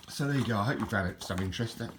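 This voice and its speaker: A man with a lowish voice talks rapid-fire while leafing through an old repair book, chatting casually as a book reviewer. He rambles and keeps restarting his sentences, and the home recording is noisy.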